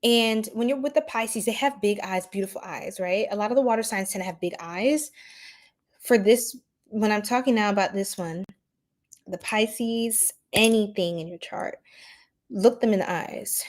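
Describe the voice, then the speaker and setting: A woman's voice: medium pitch, normal speed. A woman with a New York accent hosting a casual astrology livestream, sassy and playful, laughing often and repeating herself.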